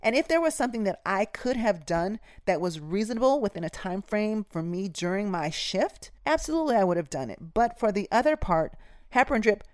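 A woman's voice: medium pitch, big pitch swings, a little fast, darkish tone, no echo, clean studio sound. A woman nurse hosting a podcast, telling work stories in a direct, emphatic, casual way and speaking straight to her listeners. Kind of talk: casual instructive storytelling.

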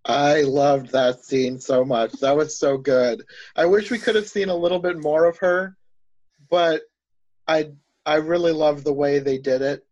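A man with a slightly high voice talks eagerly in casual chat. He rambles and restarts as he thinks aloud. The recording is dull and lo-fi, with a dry, close sound. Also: unhurried, a little mellow, no room sound.

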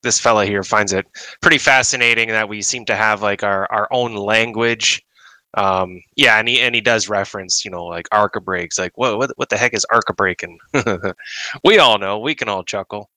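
Bright-voiced man, easygoing podcast chat. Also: fairly low pitch, moderate pace, dry recording, rough recording. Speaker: podcast co-host. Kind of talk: casual chat.

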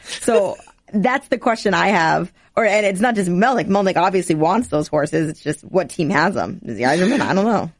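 Brief: a female co-host with a lively, quick-witted, joking delivery. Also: fairly low pitch, slightly rough, no echo. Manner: animated, joking. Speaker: podcast co-host, reporter. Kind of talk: podcast chat.

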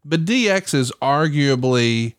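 A man with a middle-pitched voice leads the chat, asking questions and ribbing his co-host. His voice is recorded dry and close, with no room sound. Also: lively intonation, slow pace, clean tone, dry recording. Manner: teasing, chatty questioner. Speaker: podcast co-host, interviewer. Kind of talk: casual interview chat.

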